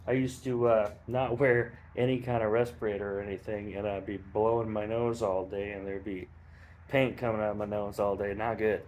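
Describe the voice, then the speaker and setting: A man's voice: lowish voice, normal speed, a little hiss or hum. A man casually explaining a do-it-yourself hobby project, rambling a bit and joking at his own expense. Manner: relaxed, rambling, self-deprecating asides. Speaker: hobbyist demonstrating skull hydro dipping. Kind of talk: casual how-to tutorial.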